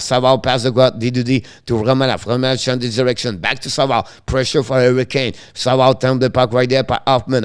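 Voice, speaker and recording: A man with as his calling hockey play-by-play on a live stream, in clipped broken English with many fillers, his voice leaping high on shots. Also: clean tone. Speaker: play-by-play commentator.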